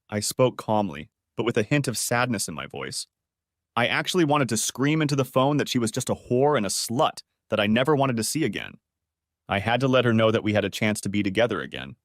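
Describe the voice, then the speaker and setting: A man's voice: on the low side, animated, a little fast, dry recording, studio quality. A man narrating a first-person story in a bitter, vengeful manner.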